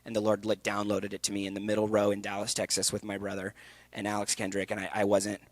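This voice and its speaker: A young man speaking candidly at a festival talk, telling a personal story with energy and quick asides. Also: on the low side, dry recording. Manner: energetic, candid storytelling with laughs and acted quotes. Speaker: actor and speaker. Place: event hall.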